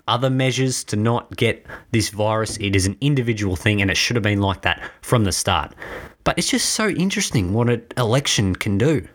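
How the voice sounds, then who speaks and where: A man's voice: on the low side, fairly bright tone. A man with an Australian accent hosting his own podcast, passionate and blunt, sometimes a little out of breath as he rants. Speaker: podcast host. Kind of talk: opinionated political podcast rant. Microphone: own home podcast mic.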